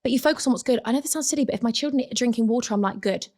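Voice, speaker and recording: A young woman chatting as a podcast guest, her words tumbling out quickly. She talks emphatically, repeating phrases and acting out what people said, in a voice pitched a little high. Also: a little mellow. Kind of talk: casual chat.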